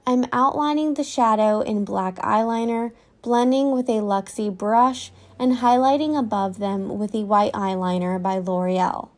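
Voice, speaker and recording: A woman narrating a makeup tutorial in a calm, step-by-step scripted voice-over. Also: medium pitch, unhurried, few pauses.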